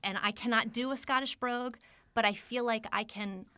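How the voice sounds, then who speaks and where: A woman's voice: fairly high pitch, fairly even intonation, normal speed, bright, forceful tone, clear, resonant tone, no room sound. A woman co-hosting a casual book discussion, chatty and self-deprecating, laughing often. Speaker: podcast co-host.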